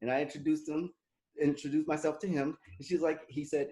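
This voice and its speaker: A podcast co-host in his forties, slightly high-voiced and fast-talking, tells a story in casual chat. He's animated, laughs often and acts out what people said, in an echoey room.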